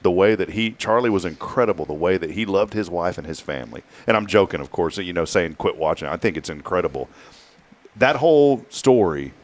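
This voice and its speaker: A man's voice: sits low, expressive, a little fast. A man hosting a morning talk show, chatting casually and jokingly, drawing out key words.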